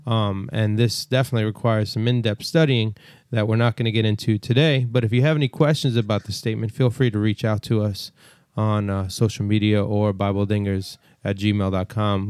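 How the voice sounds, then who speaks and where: A man's voice: lowish voice, flat delivery, a little fast, few pauses, darkish tone, dry recording, studio quality. A man co-hosting a casual Bible study podcast, walking through chapters and verses in an easygoing, conversational way. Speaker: podcast co-host.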